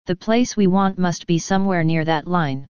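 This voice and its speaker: Woman reading a brisk jovial inspector, very clear voice, dry and slightly dull recording, storybook. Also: lowish voice, a little mellow, dry recording, lightly acted. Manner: confident, jovial. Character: brisk hearty male police inspector.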